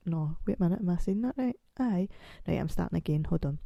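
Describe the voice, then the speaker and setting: A woman in her forties chats and rambles through her own podcast. She pokes fun at herself, and her voice is gravelly and croaky from a chest infection. It has a dark, mellow tone and sits a little low, recorded close and dry. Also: animated, quick pace, hardly any pauses, dry recording. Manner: rambling, chatty and self-mocking. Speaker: podcast host. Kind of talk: casual solo podcast chat.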